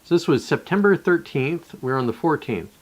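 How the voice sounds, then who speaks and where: A man's voice: a little high, animated, moderate pace. A man talking casually on a live stream, rambling and profane, often breaking off mid-sentence and restarting. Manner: rambling and profane, with many self-interruptions. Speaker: livestreamer.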